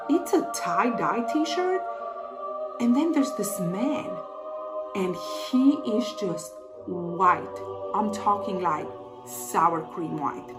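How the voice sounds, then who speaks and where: A woman in her thirties telling a story to camera in a lively, dramatic way. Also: medium pitch. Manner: animated, dramatic voices for quoted people.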